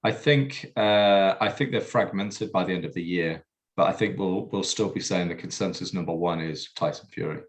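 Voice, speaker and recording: A man's voice: low voice, moderate pace. A man co-hosting a casual podcast chat, hesitant with many fillers and restarts. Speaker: podcast co-host.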